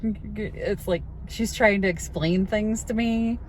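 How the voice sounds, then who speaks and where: A middle-aged woman vlogging in casual chat while she drives, talking in a chatty, rambling way with quick asides. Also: mid-range voice. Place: in a car while driving. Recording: road noise from a moving car. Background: car engine and road noise.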